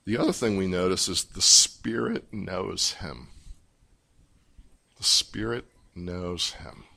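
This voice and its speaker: Slow, low-voiced man preaching. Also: lively intonation, vocal fry, bright, forceful tone, slightly rough. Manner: measured, emphatic teaching delivery with pauses and restarts. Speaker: pastor. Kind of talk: expository sermon.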